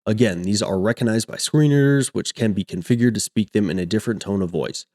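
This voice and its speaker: A man explaining a coding topic step by step, reading example sentences aloud in a steady teaching manner. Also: lowish voice, quick pace. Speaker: coding tutor. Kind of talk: screen-recorded coding lesson.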